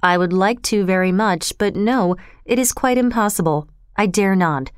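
A woman's voice: medium pitch, normal speed, smooth, no room sound, clean studio sound, lightly acted. A woman reading the lines of a gloomy, reclusive middle-aged male doctor in a storybook, speaking wearily. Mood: despondent. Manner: weary, mournful.

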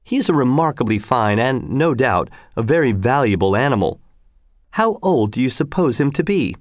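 A man voicing a shrewd, calm male detective who speaks in a measured, cheerfully persuasive way. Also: mid-range voice, no echo, studio quality, lightly acted.

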